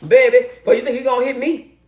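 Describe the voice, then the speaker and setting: Loud, blunt, high-voiced woman. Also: steady tone, quick pace, echoey room. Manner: loud, blunt and profane, with bursts of laughter. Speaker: relationship advice vlogger. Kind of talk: casual storytelling chat.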